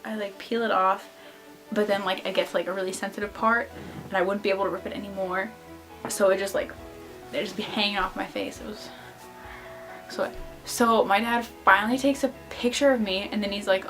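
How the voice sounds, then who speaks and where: A woman's voice: medium pitch, fairly even intonation, normal speed, soft background music. A young woman vlogger casually telling an embarrassing story to the camera, filling her talk with "like". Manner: chatty, lots of "like" fillers.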